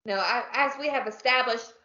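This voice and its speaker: A woman's voice: fairly high pitch, moderate pace, sharp tone. A woman with a Southern American accent co-hosting a podcast in casual, joking chat. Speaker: podcast co-host. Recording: roomy, muffled podcast audio.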